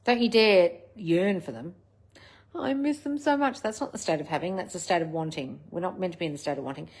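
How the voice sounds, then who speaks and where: A woman's voice: on the low side, fast, darkish tone, slightly rough. A woman hosting a casual livestream, answering viewer comments in a blunt, scolding coach manner with plenty of swearing. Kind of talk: casual live chat, reading out comments.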